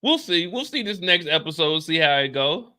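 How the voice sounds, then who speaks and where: Bright-voiced man chatting on a stream. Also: fairly high pitch, big pitch swings, moderate pace. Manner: chatty, loose, repeats "like" and "you see what I'm saying". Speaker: streamer reviewing a TV episode. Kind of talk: casual live-stream commentary.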